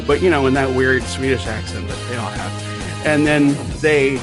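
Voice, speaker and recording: A man's voice: mid-range voice, moderate pace, music in the background. A man hosting a podcast in casual chat, telling a story with animation and acting out quoted voices. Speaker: podcast host.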